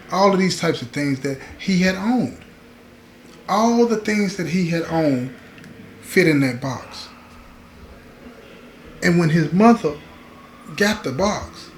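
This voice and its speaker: Man telling a story in an echoey room. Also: a little high. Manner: slow, dramatic pauses, addresses listeners as y'all. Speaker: storyteller host. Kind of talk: storytelling to an online audience. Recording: echoey room with faint ambient noise.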